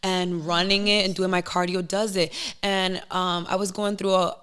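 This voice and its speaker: A young woman guest in a casual podcast chat, telling candid, emotional stories in an animated way. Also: on the low side, moderate pace, smooth.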